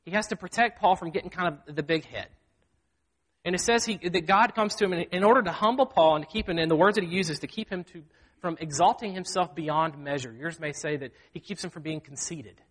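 A pastor from Mississippi preaches a sermon in a high male voice at a fairly quick pace. He is earnest and self-deprecating, acting out quoted speech, and a long hall reverb hangs on the recording.

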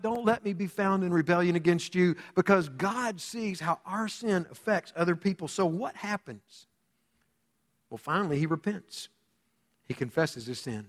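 Male pastor, higher voice, dramatic sermon delivery, reverberant hall. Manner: dramatic preaching, swinging from loud to hushed.

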